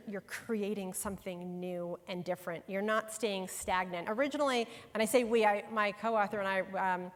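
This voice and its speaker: In a large conference room with long hall reverb, a middle-aged author from New York presents a workshop to a live audience of professionals. Her mid-range voice stays conversational and emphatic as she speaks straight to them.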